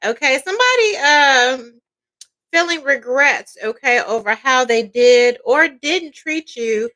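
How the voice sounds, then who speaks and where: High bright-voiced woman tarot reader. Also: lively intonation, slow, low-quality recording. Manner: chatty, peppered with "all right" and "okay". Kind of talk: casual tarot reading to camera.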